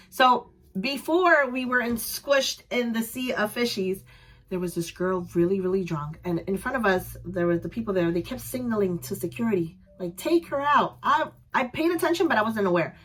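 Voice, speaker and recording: A young woman vlogger casually telling a story to camera, animated and acting out voices, her voice a little strained. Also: normal speed. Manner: animated, acts out voices with loud high yells. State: voice slightly strained.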